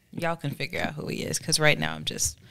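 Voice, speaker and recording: A woman's voice: low-pitched, moderate pace, creaky, no echo. A woman co-hosting a podcast, chatting casually and rambling through her stories. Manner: rambling, animated storytelling. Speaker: podcast co-host. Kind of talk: casual chat.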